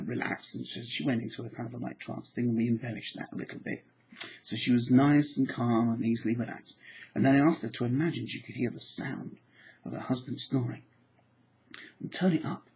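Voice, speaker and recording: A man with an ordinary mid-range voice tells stories from his hypnotherapy classes. He shifts between lively anecdote, acting out the people he quotes, and the slow, soothing cadence of trance work. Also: mid-range voice, vocal fry, rough recording. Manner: storytelling, acts out quoted dialogue, soft hypnotic phrasing. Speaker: psychology trainer and hypnotherapist. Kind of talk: anecdotal teaching talk.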